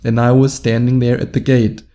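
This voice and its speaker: A man's voice: mid-range voice, level tone, moderate pace, warm tone. A man with a German accent, a dating coach talking in a casual, rambling monologue and laughing between phrases.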